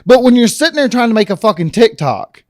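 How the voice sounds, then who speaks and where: High-voiced man, joking. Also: fast, no room sound, studio quality. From South Carolina. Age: 30s. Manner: animated, jokey, swears freely. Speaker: comedian guest. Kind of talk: casual podcast chat. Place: living room. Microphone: close podcast mic.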